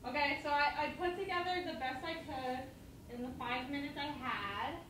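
A woman's voice: high voice, moderate pace, echoey room, distant mic, very noisy. A young woman in her twenties vlogging at home in a playful, joking, dramatic way. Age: 20s. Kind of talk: casual chat. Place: home room.

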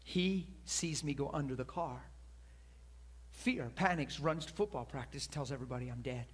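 A man preaching from the pulpit, telling a story in an animated way, laughing and rambling at himself. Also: mid-range voice, normal speed. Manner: animated, laughing storyteller who acts out quoted voices; self-deprecating and rambling. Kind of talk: sermon storytelling. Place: church pulpit.

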